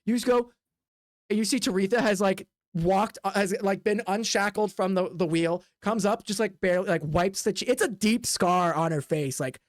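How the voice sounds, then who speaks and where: Heard in clean studio-quality audio free of room sound, a high-pitched man acts as game master on a tabletop game stream. His narration rambles and leans heavily on filler, punctuated by quick voiced asides.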